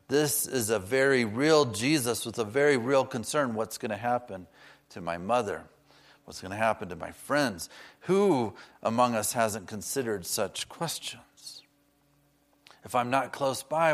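A man preaching a sermon, earnest and personal, slowing down to stress key words and dropping in chatty asides. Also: medium pitch.

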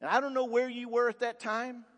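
High-voiced emphatic man preaching. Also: level tone, fairly quick, a bit bright, dull audio. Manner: emphatic preaching, rhetorical questions, repeats words for force. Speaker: pastor. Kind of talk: sermon. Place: church sanctuary. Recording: long reverb of a large church hall.

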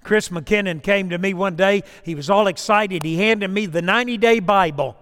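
With a long reverb ringing around him and his lapel or stage mic crackling now and then, a pastor delivers a sermon in a slow, emphatic cadence. His voice is very high and smooth, sinking to a soft, confiding register during stories.

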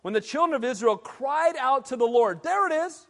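Pastor guy preaching, high voice, goes loud then real quiet, long echo in the church. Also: normal speed. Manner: animated preaching, swinging from loud to hushed. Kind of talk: sermon. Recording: long hall reverb.

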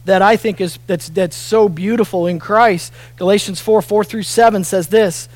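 A middle-aged man, a pastor preaching a sermon, earnest, dropping soft and near tears, then rising to loud emphatic peaks. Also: high voice, fairly even intonation, moderate pace, no echo. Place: church auditorium.

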